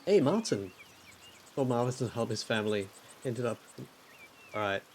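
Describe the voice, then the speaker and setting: Brief: male streamer, casual offhand play-by-play, medium pitch. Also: animated, normal speed, slight background noise. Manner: casual, offhand commentary while exploring. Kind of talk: casual let's-play chat.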